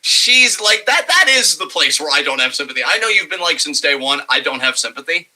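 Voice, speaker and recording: A man's voice: on the high side, very animated, fast, sharp tone, low-quality recording. A young man co-hosting a wrestling podcast, ranting sarcastically and swearing freely in casual chat.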